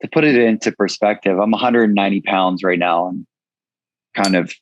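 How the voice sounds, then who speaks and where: A man's voice: fairly low pitch, moderate pace, no room sound, muffled recording. A man in his thirties, a guest in an interview, telling his story frankly and casually, swearing freely. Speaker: guest, entrepreneur.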